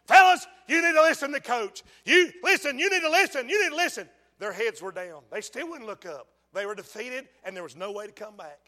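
High-voiced shouting man preaching. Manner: emphatic, swings from hushed pleading to shouting. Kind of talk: fiery sermon. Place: large church sanctuary. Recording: long church hall reverb.

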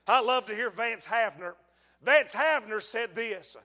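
High-voiced shouting man preaching. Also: unhurried. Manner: emphatic, swings from hushed pleading to shouting. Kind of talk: fiery sermon. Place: large church sanctuary. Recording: long church hall reverb.

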